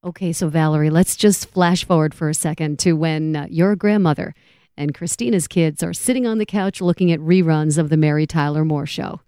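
A woman hosts an interview and asks her guest questions at a measured pace. Her voice sits somewhat low and sounds close and dry. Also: mellow, clean tone, dry recording. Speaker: interview host. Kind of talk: conversational interview.

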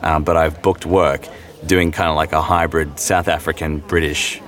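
A man, a voice actor, chatting casually on a podcast panel in a relaxed, hesitant way with many fillers. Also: rumbling low, normal speed, soft background music.

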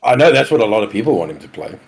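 A man's voice: lowish voice, very animated, rapid-fire, breathy edge. A man co-hosting a podcast in casual chat, laid-back and hedging, swearing casually. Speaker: podcast co-host.

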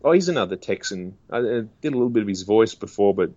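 Low-voiced man, dull lo-fi sound. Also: expressive, warm tone, dry recording. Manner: breaks into quick celebrity and preacher impressions, laughs often. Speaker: impressionist guest. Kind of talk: casual interview chat with impressions.

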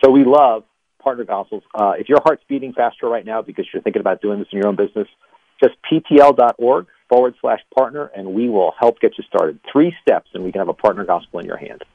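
A man calls in as a radio guest and tells lively stories, laughing as he goes. His voice sits a little low, and it comes through a tinny, dry phone line. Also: fast talker, no room sound. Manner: animated storyteller who laughs between lines. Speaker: ministry guest, former pastor. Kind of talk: radio interview storytelling.

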